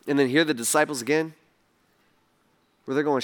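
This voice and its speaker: A male pastor preaching a sermon in an animated way, acting out the voices he quotes and swinging between loud and soft. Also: sits high, fast talker, long pauses.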